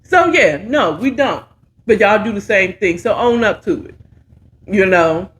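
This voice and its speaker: A woman's voice: medium pitch, animated, a little slow, fairly bright tone. A middle-aged woman giving casual, sassy, playful commentary while reviewing a talk show.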